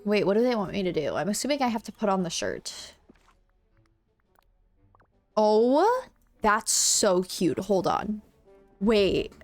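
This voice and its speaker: A young woman streaming a video game, chatting casually and gushing, a little congested and sniffly, talking into her own mic. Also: medium pitch. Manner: chatty, gushing, self-correcting. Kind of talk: casual gameplay commentary. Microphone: own desk mic.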